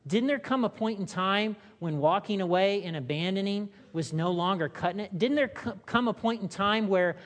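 A woman pastor delivers a sermon in an easy, conversational way, full of rhetorical questions and little acted-out voices. Her pitch sits in a middle range. The sound carries a long reverb, like a large hall. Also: normal speed, few pauses.

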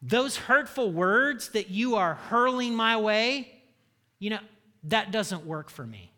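Bright, high-voiced preaching man. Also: animated, takes it slowly. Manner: punchy, humorous preaching with call-and-response. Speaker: pastor. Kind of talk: sermon.

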